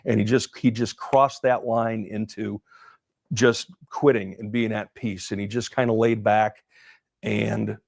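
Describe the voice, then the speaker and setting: A man, a former police officer, telling a story in an interview, halting and full of fillers and restarts. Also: fairly low pitch, flat delivery, gravelly, a little mellow, no room sound, clean studio sound.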